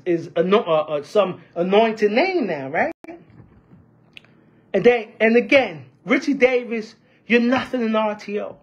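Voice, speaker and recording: Fiery woman union member delivering a rant, high and very animated, heavy on rhetorical questions. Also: breathy edge. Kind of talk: impassioned union-politics rant.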